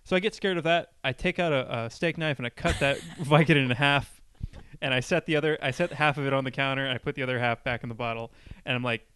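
A man's voice: mid-range voice, fast, a bit bright, smooth. A young man casually telling a long personal story on a podcast, rambling and full of "like". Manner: rambling, heavy on filler "like".

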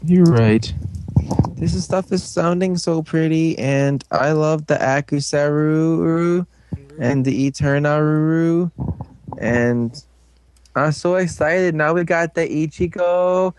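A man's voice: fairly high pitch, slow pace, a little mellow, slight background noise. Joking young man, casual fan chat. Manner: joking, crude asides. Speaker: podcast co-host. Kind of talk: casual fan podcast banter.

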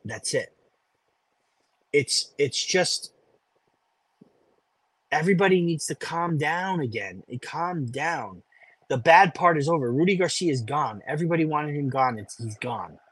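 A man's voice: fairly high pitch, expressive, a little slow, pauses often, a bit bright, slightly rough, no echo. A man co-hosting a sports podcast, ranting in casual chat and repeating himself for emphasis. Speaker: podcast co-host.

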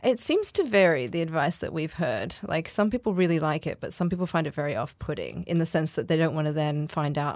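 A woman hosting the interview, asking questions in a relaxed way and agreeing readily. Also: low-pitched, brisk, hardly any pauses, no room sound, clean studio sound. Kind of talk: conversational interview.

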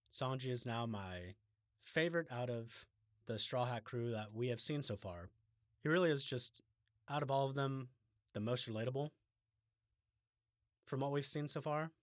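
A man with a mid-range voice who talks casually and shares strong opinions in a relaxed way. He sounds close and dry, with no room echo. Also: medium pitch. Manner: relaxed, opinionated, steering the show. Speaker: podcast co-host. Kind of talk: casual podcast chat.

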